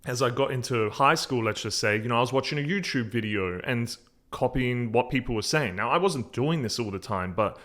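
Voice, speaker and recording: A man's voice: mid-range voice, a little fast, fairly bright tone. A man, co-hosting a podcast and telling stories in a rambling, conversational way. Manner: rambling storyteller, restarts his sentences. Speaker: podcast co-host, software company founder. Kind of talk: casual chat.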